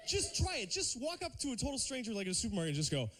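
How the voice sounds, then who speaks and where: A man doing a stand-up routine on a TV studio stage, lively and slipping into silly put-on voices. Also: extremely high pitch, rapid-fire, a little hiss or hum. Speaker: stand-up comedian.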